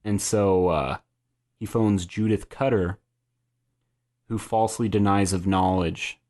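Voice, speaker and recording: With a slow, mellow voice on the low side, a man hosts a relaxed podcast chat, guiding the recap and putting questions to his co-hosts.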